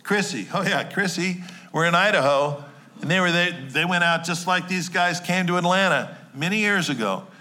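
A man delivers a sermon with a New Jersey accent, joking and chatting with his congregation as he goes. His voice sits a touch high and rings bright. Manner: conversational and jokey, quick asides to the congregation. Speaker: pastor.

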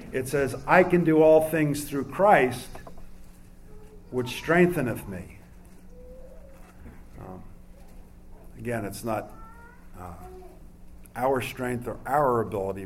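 A man's voice: medium pitch, a little hiss or hum. Man preaching a conversational sermon. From New York. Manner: conversational, with fillers and asides. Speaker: pastor.

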